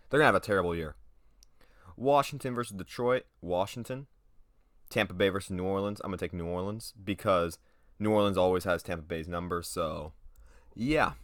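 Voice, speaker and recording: Low-voiced young man rambling through picks. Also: a bit bright, no echo, studio quality. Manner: offhand and rambling, trails off and corrects himself mid-thought. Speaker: sports video host. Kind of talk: casual solo prediction video.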